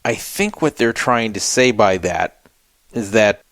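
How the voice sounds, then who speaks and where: A man's voice: lowish voice, animated, unhurried, a bit bright, no echo. A man hosting a solo podcast, talking casually and skeptically and reading out viewer comments in a wry way. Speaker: podcast host.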